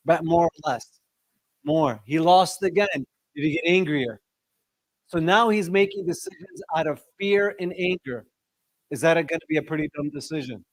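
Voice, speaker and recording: Fairly high-voiced man giving a lively religious talk. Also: no room sound. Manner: lively, asks the audience questions, shifts pitch sharply for emphasis. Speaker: discussion leader.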